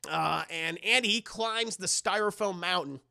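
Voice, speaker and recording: A man recapping a horror movie in a casual live stream, animated, rambling and profane. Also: high voice, moderate pace, vocal fry, no echo, clean studio sound.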